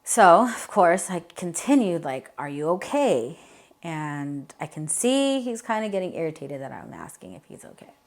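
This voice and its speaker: A young adult woman as an interview guest, telling a painful personal story in a candid, halting way with many fillers. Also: fairly low pitch, very animated. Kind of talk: emotional personal account.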